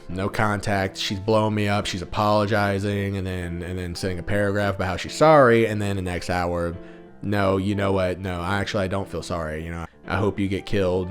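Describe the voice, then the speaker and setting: A man telling a comedic story about his own life in a crude, profane, sardonic manner. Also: low voice.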